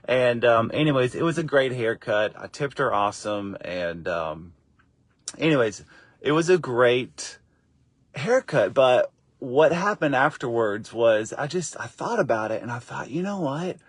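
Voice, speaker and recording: A middle-aged man tells a personal story straight to camera in a casual, animated way. He jumps up into a higher voice to act out the people he quotes, then settles into warm encouragement. His voice sits in a middle range, recorded dry and close. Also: unhurried, no room sound. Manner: encouraging, faith-based wrap-up. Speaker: father and faith vlogger.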